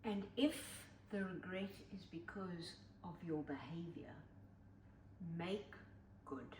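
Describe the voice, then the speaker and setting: An older woman co-hosting a podcast in casual chat, giving advice in a measured way with homely images. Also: fairly low pitch. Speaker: podcast co-host. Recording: roomy, distant mic, faint noise.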